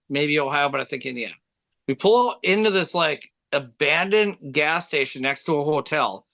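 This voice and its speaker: A man's voice: fairly high pitch, sharp tone, no room sound. A man guesting on an interview, telling rambling road stories with easy laughter. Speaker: band vocalist, guest. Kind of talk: casual storytelling.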